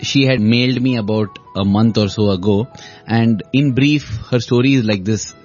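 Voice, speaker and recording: A man hosting a conversation, listening attentively and then telling a story in a measured way. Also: medium pitch, darkish tone. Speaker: host. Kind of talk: casual interview chat. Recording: slightly muffled recording with faint music.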